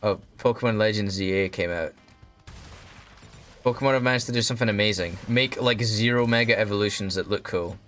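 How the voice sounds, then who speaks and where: A man's voice: on the low side, brisk, fairly bright tone. Ranting young man streaming a game. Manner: swears often, ranting. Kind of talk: casual gameplay commentary. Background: faint background music.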